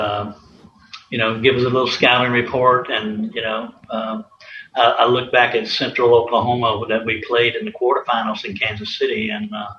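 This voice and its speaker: A man's voice: mid-range voice, sharp tone. A man, a former college athlete, telling anecdotes in a rambling way with many fillers and chuckles. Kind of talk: casual storytelling interview. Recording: roomy, slightly dull, faint hiss.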